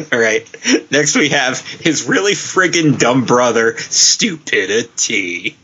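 A man hosts a casual podcast and reads out listener entries in a slow, deadpan way. His voice is bright and a little husky. The recording sounds dull and lo-fi. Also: medium pitch. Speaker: podcast host.

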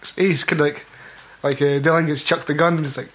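A man's voice: fairly high pitch, fast, breathy edge. A young Scottish man talking casually and swearing about a film. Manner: sweary, relaxed banter.

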